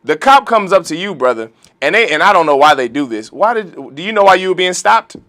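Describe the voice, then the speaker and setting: A man's voice: high voice, big pitch swings, fairly quick, sharp tone. A man teaching a religious law class, preaching emphatically and firing off rhetorical questions. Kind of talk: lecture-style sermon.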